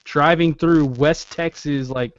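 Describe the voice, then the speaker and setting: Guy joking around and rambling on a webcast, slightly high voice, muffled audio. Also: fairly even intonation, slow, no room sound. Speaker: podcast co-host. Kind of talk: casual chat.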